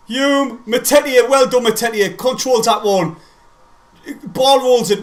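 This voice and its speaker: A young man streaming live as a fan, excitable and swearing, swinging between shouts and weary mumbles, worn out. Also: very high-pitched, takes it slowly. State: exhausted after a tense match. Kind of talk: live match watch-along commentary.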